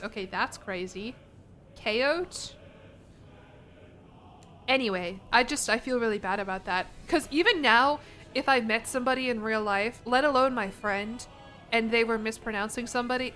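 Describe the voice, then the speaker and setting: Chatty young American woman streamer. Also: a little high. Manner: chatty, animated, laughs often. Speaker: vtuber streamer. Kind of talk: casual chat reading chat.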